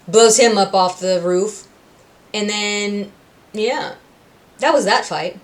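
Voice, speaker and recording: Chatty woman recapping a cartoon. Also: medium pitch. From Puerto Rico. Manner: animated, acting out quotes in voices, self-correcting. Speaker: reaction video host. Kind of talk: casual recap of a cartoon episode.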